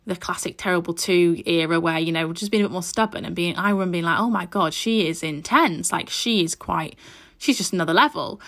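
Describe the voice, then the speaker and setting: A woman's voice: medium pitch, pushed and bright. A woman hosting a solo parenting podcast from her mother's house, chatting in a reassuring way and offering tips. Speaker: podcast host. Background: aeroplane overhead at times.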